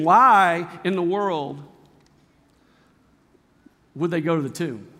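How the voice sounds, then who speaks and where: A man's voice: high voice, normal speed, long pauses, sharp tone, big-room sound. A male pastor preaching a sermon, emphatic, with repeated phrases and rhetorical questions. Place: church sanctuary.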